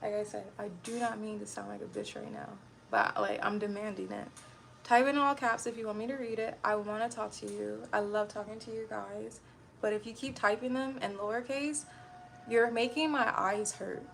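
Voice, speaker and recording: A woman's voice: medium pitch, steady tone, moderate pace, creaky, a bit bright, a little hiss or hum. A young woman livestreaming and chatting casually with her viewers, blunt and irritable and rambling from one thought to the next.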